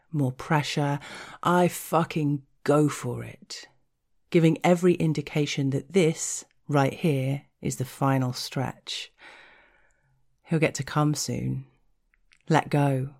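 A woman narrating an explicit erotic story in a frank, unhurried way, sometimes dropping into a whisper. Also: low voice, fairly even intonation, gravelly, a little mellow.

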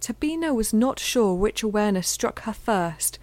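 A woman's voice: mid-range voice, lively intonation, a little mellow, no echo. Woman narrating fiction in a dry, close voice. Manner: measured, intimate reading that dips into near-whispers. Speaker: audiobook narrator.

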